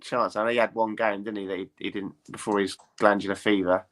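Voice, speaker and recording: A man in casual football chat, talking in a chatty, opinionated way. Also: on the low side. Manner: chatty, animated, quick to opinion.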